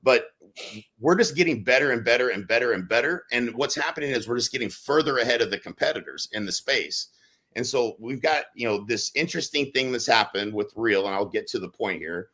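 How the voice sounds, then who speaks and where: A man speaks in a bright, forceful voice. He talks casually and keeps things animated, breaking into loud acted-out quotes as he tells stories on a podcast. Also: mid-range voice, a little fast. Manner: animated, acts out quotes with sudden loud bursts. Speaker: real estate brokerage leader on a podcast.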